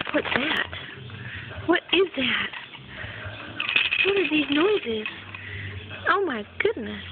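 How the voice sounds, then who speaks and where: A young mother coaxing her baby in a sing-song, repetitive voice, filmed on a phone at home. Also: high-pitched. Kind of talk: baby talk to an infant. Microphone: phone camera. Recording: tinny phone recording with background noise.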